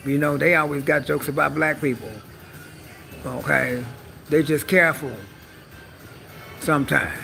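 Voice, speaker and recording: Brief: woman, live-stream comic, brassy bright tone with fry, bawdy and sassy. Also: deep voice, fairly even intonation, measured pace, pauses often, soft background music. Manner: sassy, bawdy, calls listeners honey. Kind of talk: stand-up style live-stream monologue.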